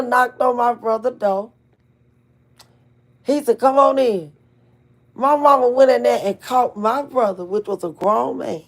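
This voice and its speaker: Woman, middle-aged, folksy storyteller, somewhat high voice, animated, salty language. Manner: animated, folksy, swears freely, addresses viewers as y'all. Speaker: channel host. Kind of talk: casual storytelling to viewers.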